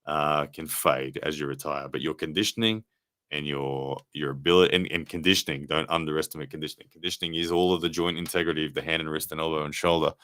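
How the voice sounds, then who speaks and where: A man's voice: a bass voice, fairly even intonation, fast talker, fairly bright tone, dry recording, studio quality. A man hosting a casual live stream review, chatting loosely with many fillers and restarts while answering viewers' comments. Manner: rambling, conversational, frequent fillers and restarts. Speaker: livestream host and armwrestling commentator.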